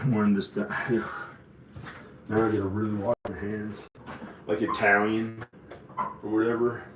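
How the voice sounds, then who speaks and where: A man rambling to himself while working around a house, then ranting bitterly. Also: fairly low pitch. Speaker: vlogger. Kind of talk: rambling monologue to camera. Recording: echoey room with background noise.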